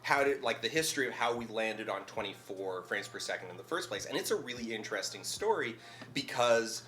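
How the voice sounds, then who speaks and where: A male guest on a relaxed stream, speaking in a bright, clear voice. He works through ideas analytically, with plenty of filler words as he thinks aloud. Faint music sits underneath. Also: fairly low pitch, a little fast. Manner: thoughtful, analytical explainer with many "like" fillers. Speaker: guest video essayist. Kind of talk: casual chat on a charity stream.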